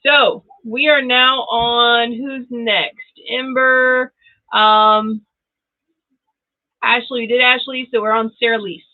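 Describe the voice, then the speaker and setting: This middle-aged channel host reads tarot live, her voice on the high side, level in tone and slow. Chatty and quick to laugh, she talks straight to the people watching, though the sound is thin and phone-like.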